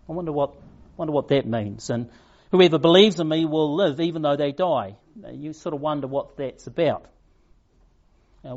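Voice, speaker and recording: Man preaching with slow, emphatic pauses. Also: a little high, darkish tone, lo-fi sound. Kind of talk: sermon.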